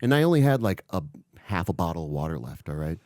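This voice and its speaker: A man's voice: deep voice, very animated, fast, darkish tone, dry recording, studio quality. A man co-hosting a podcast, telling a long story in casual chat and swearing freely. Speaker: podcast co-host.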